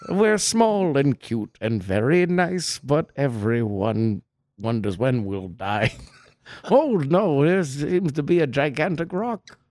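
A man's voice: mid-range voice, expressive, slow pace, darkish tone, no room sound, clean studio sound. A man voicing a small, polite Martian dinosaur with prissy, old-fashioned exclamations. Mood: prim.

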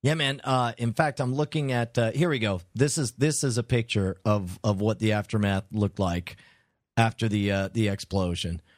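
A man's voice: on the low side, steady tone, moderate pace, dry recording, clean studio sound. A man co-hosting a podcast in a casual, playful chat, riffing on the news. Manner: playful, riffs and slips into joke voices. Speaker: podcast co-host.

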